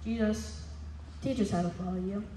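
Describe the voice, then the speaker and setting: A woman's voice: mid-range voice, steady tone, normal speed, mellow. A woman reading a reflective prayer aloud at a school religious performance, with an earnest manner. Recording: echoey hall with faint noise.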